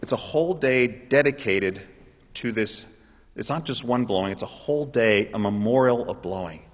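A man preaching a sermon in an animated way, building up to loud, emphatic calls. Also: mid-range voice, moderate pace. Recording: dull sound with long hall reverb.

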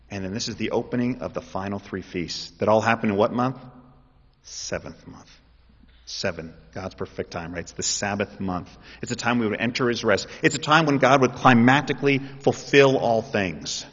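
Guy preaching a sermon, gets loud and emphatic, long hall echo, kinda muffled. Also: lowish voice, moderate pace. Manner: animated, rising to loud emphatic calls. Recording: dull sound with long hall reverb.

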